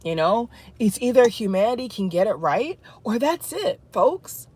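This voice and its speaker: A woman talking to her viewers in an emotional spiritual vlog, distraught and tearful, halting and repeating herself. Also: a little high, very animated, a little mellow, slightly rough. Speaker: vlogger.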